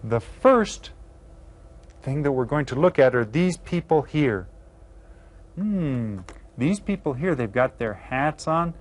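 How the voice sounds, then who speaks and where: A man teaching an elementary Spanish video lesson. He is upbeat, playful and encouraging, and he draws out each new word slowly and carefully. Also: medium pitch, expressive.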